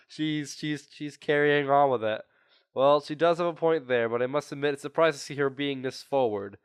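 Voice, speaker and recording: A man's voice: on the high side, moderate pace, clean tone, no echo, studio quality. A young man reading a visual novel game aloud and chatting between lines, his throat sore and coughing. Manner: chatty, rambling asides. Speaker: gaming video creator.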